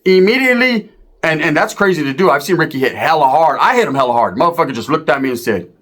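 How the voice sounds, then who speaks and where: A man's voice: fairly high pitch, animated, fast, fairly bright tone. A man telling a profane, rambling comic story, ending his punchlines with tag questions. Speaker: comedian. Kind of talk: comedic storytelling.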